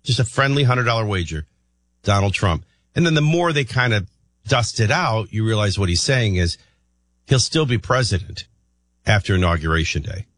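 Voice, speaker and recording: Husky, lively male radio host. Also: fairly low pitch, moderate pace, no room sound. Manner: rambling, thinks out loud with many restarts. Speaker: radio talk show host. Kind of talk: morning talk radio commentary.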